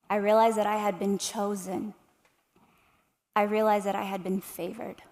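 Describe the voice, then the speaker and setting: A woman's voice: mid-range voice, darkish tone, big-room sound. A woman in her thirties giving an inspirational keynote to a live audience, speaking passionately and asking them rhetorical questions. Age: 30s. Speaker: motivational speaker.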